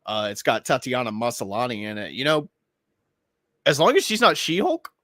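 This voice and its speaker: Bright-toned man rambling and laughing. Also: mid-range voice, big pitch swings, moderate pace, no room sound, clean studio sound. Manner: rambling, laughs often, stammers. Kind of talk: casual chat.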